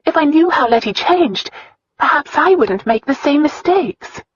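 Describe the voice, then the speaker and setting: A woman's voice: high voice, animated, measured pace, no echo, lo-fi sound, voice pushed up. A woman reading an audiobook, voicing an earnest, defiant young noblewoman who pleads and bristles by turns. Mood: earnest pleading. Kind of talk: audiobook dialogue.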